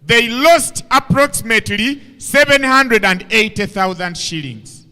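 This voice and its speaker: A man's voice: very high-pitched, unhurried, clean tone, big-room sound. A man, giving a comic storytelling talk from a stage microphone. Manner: animated, playful storyteller. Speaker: motivational speaker.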